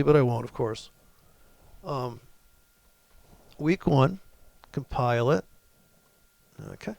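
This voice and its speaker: Brash, swearing man with a gravelly voice. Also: mid-range voice, no echo. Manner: brash, swearing, mocking, ranting. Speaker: trading video host. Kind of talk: profane ranting screen-share commentary.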